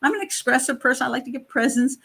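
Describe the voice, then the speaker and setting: A woman voicing an expressive woman who is explaining herself in a light, chatty, self-justifying way. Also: sits high, fast talker, vocal fry, slightly rough, full character voice. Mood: breezy.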